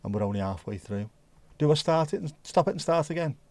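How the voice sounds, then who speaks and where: A man hosting a casual livestream, rambling and thinking out loud as he chats to his viewers. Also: a little high, expressive, fast, no echo. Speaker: livestream host.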